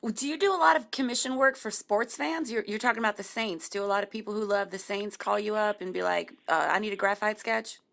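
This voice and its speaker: A woman from Louisiana hosting a casual interview podcast, chatty and quick to laugh. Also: medium pitch, creaky. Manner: warm, laughs often, chatty. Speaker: podcast host.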